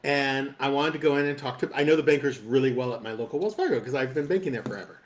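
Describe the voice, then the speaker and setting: A man telling a funny story on a casual talk show, animated and laughing often as he mimics the people involved. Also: medium pitch, fast. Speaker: co-host. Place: studio.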